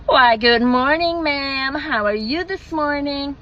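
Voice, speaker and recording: A woman's voice: sits high, takes it slowly, bright, forceful tone, dull audio, voice pushed up, heavily acted. A woman voicing an overly cheerful American drive-through worker, sugary and exaggeratedly polite.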